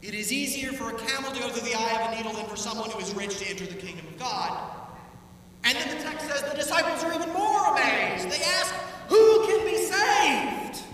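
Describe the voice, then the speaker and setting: High, bright-voiced preaching man in an echoey church. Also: fast talker, a little hiss or hum. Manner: animated preaching, acts out quoted voices. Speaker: pastor. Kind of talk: sermon. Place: church sanctuary. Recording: echoey church hall, heard from a distance.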